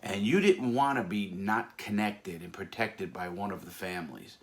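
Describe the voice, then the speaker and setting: A man telling stories from his past in a casual, animated way, acting out other people's voices with sudden loud outbursts. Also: low-pitched, moderate pace. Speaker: former mob associate telling stories. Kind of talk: casual storytelling.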